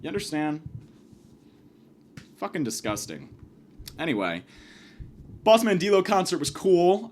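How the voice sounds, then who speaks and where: A man's voice: high voice, big pitch swings, unhurried, pauses often. A man telling a rambling, profane comic story about his night out, often restarting sentences and acting out the people in it. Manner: rambling, profane, self-mocking, acts out shouted quotes. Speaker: podcast host. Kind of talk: casual comedic storytelling monologue.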